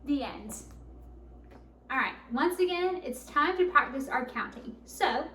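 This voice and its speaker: A woman librarian reading a picture book aloud to children, expressive and animated. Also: high-pitched, a little slow. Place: library program room. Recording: echoey room, faint background noise.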